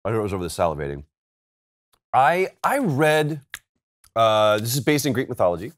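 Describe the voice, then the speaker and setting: A man co-hosting a casual gaming chat, teasing his partner and quick to laugh. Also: mid-range voice, big pitch swings, dry recording, studio quality. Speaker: co-host.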